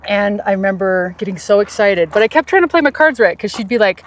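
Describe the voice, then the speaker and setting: Animated woman telling a personal story. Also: quick pace. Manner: animated, jumps high in pitch when quoting others; laughs easily, drops soft and low on reflective parts. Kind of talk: casual storytelling chat.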